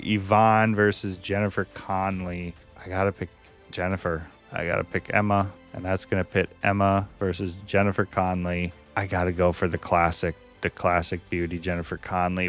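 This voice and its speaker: Low-voiced man chatting casually. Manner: thinks aloud, hesitant, chatty. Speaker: video host. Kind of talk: casual chat.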